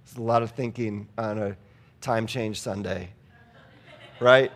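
A man's voice: fairly low pitch, fairly even intonation, measured pace. A man preaching a sermon in a conversational way, reading scripture aloud and asking the congregation rhetorical questions. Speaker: pastor.

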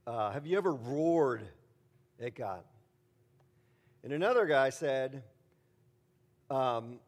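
A man's voice: mid-range voice, lively intonation, a little slow. Middle-aged male pastor, chatty sermon delivery, loose and rambling with lots of fillers, punches key words hard. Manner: casual, rambling, many fillers, emphatic bursts. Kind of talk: conversational sermon.

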